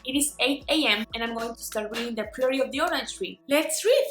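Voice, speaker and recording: A young woman who grew up speaking, a book vlogger, chats about her reading day from her bedroom at home. Her slightly high voice is fairly quick and fairly bright, playful and rambling with many "like" fillers. The room echoes, and light music plays beneath her.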